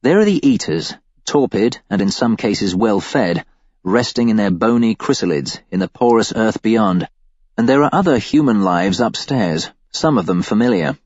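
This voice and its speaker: A man narrating a first-person audiobook with a wry, deadpan delivery. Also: fairly low pitch, normal speed, no room sound, highs cut off.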